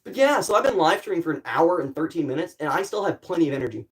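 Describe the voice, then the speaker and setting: A man's voice: fairly high pitch, animated, a little hiss or hum. A young man chatting casually on a livestream, rambling and playful, full of "like" fillers. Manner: rambling and playful, many "like" fillers, quick bursts. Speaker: streamer.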